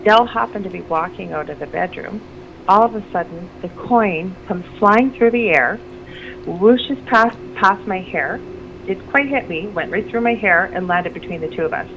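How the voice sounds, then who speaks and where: On a lo-fi recording with noticeable background noise, a middle-aged radio guest recounts a personal story at a medium pitch and moderate pace. She rambles, restarts sentences, and grows animated when she repeats what others said.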